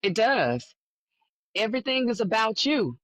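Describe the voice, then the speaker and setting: A woman co-hosting a spiritual conversation show. She tells her stories in an animated way and drops in folksy asides as she talks. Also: fairly high pitch, measured pace, dry recording. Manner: lively storyteller, folksy asides like "girl" and "listen". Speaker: podcast co-host.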